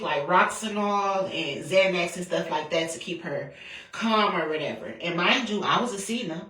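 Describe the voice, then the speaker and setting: A woman's voice: on the low side, fairly bright tone. A woman, telling a personal story in a candid, profane, rambling way. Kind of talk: casual storytelling. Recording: roomy, distant from the mic.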